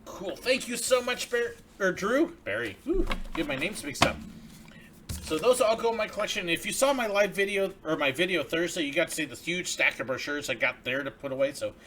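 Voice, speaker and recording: A man's voice: high-pitched, brisk, a bit bright, slight background noise. A man hosting a casual livestream, chatting and reading viewer mail aloud in a grateful, friendly way. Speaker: livestream host.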